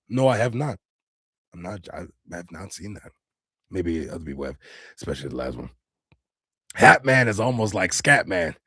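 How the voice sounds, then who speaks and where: A man's voice: fairly low pitch, sing-song, moderate pace, pauses often, sharp tone, breathy edge, no echo, studio quality. A man live-streaming, talking earnestly and casually to his chat in slangy speech. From United States.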